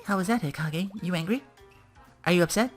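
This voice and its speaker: A woman voicing a hot-tempered, pushy teenage ninja girl from a game, raising her voice high and loud. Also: fairly quick, soft background music, natural voice. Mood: needling. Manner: shrill, needling, shouting.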